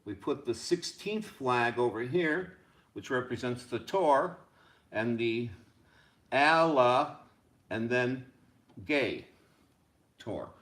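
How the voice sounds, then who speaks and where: A man teaching a rhythm lesson as a music teacher, chanting rhythm syllables over and over in a steady beat. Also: medium pitch, takes it slowly, long pauses. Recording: echoey room.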